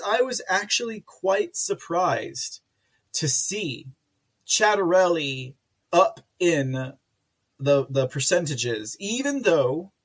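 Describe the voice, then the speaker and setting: A man's voice: on the high side, slightly rough. A man hosting a casual livestream, rambling between topics and reading out viewers' names from the chat with playful sing-song repeats. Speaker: livestream host.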